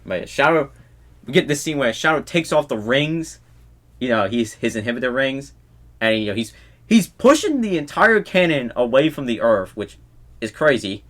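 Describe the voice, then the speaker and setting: A young man hosting a casual movie review podcast. His voice sits at an everyday middle pitch, and he talks in an excitable, rambling way, laughing often as he goes. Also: moderate pace. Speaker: podcast host.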